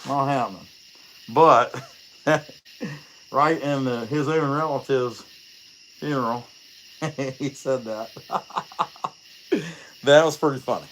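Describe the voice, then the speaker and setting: This chainsaw carver and livestream host speaks at medium pitch, slowly, with long pauses, and there's slight hiss or hum in the recording. While his carving stream runs, he chats loosely, rambles, cracks jokes, leans on plenty of filler words, and spins lively stories.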